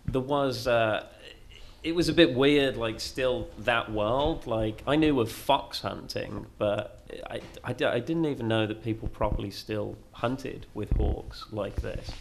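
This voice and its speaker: A man's voice: mid-range voice, unhurried, creaky, slight background noise. A man from England in the audience, answering a question casually with many fillers. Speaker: audience member. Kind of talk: live panel discussion.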